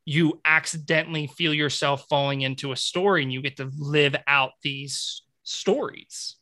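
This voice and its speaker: A man hosting a podcast in casual chat, playful and animated as he talks. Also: fairly high pitch, unhurried. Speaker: podcast host.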